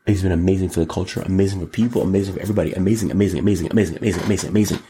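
A man hosting his own show, talking solo in an animated, exclamatory way, riffing and repeating words in long runs. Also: sits low, very fast, breathy edge. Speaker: show host. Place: Los Angeles.

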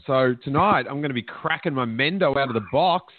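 A man's voice: fairly high pitch, lively intonation, fairly quick, few pauses, dry recording. A man hosting a podcast, chatting casually and telling joking anecdotes. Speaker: podcast host. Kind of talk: casual chat. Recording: phone-like lo-fi line, dry.

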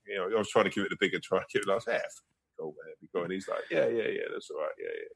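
A man's voice: low-pitched, racing, creaky, fairly bright tone, husky. A man, a guest comedian, telling rambling anecdotes in a casual interview, laughing and swearing as he goes.

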